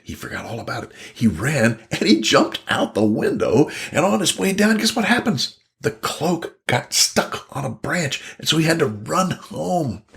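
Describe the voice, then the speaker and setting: Gravelly animated male storyteller. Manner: animated, jumps high for quoted voices. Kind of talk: storytelling a fairy tale.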